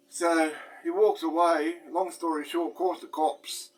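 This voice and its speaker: A man's voice: fairly high pitch, little pitch movement, measured pace, distant mic, poor audio. A middle-aged Australian man, a former inmate, telling a story casually to his viewers, blunt and swearing, often restarting his phrases. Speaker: YouTube host, former inmate.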